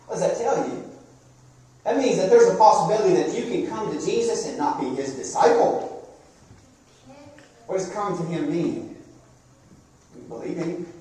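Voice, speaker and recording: A man delivers a sermon with a mellow, warm tone, often turning to the congregation with questions. His voice carries through a very echoey church sanctuary, and the mic picks him up from some distance away. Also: sits high, slight background noise. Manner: conversational, asks the congregation questions. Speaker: preacher.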